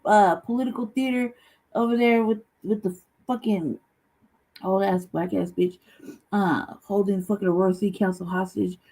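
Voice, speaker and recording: A woman's voice: medium pitch, warm tone, low-quality recording. A woman hosting a casual commentary vlog, ranting bluntly and profanely and laughing at what she has just played. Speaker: host.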